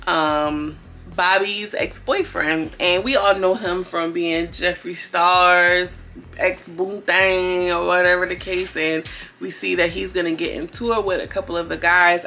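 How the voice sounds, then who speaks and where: A woman's voice: lowish voice, pushed and bright. A woman giving a casual, gossipy recap of a reality TV episode, chatting to her viewers and laughing often.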